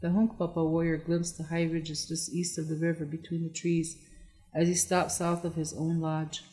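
An audiobook narrator reading a historical novel in a steady, measured way. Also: mid-range voice. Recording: long echoey reverb.

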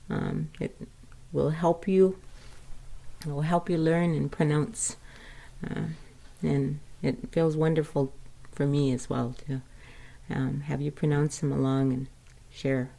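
A woman teaching vocabulary of her people's language, speaking slowly and patiently and repeating each word for listeners to say along with her. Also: low-pitched, vocal fry, darkish tone. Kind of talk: spoken language lesson.

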